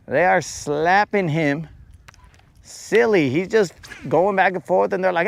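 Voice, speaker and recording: A man's voice: high-pitched, unhurried, gravelly, dry recording. A young man casually talking to viewers while fishing, joking around in playful, slangy banter. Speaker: fishing vlogger.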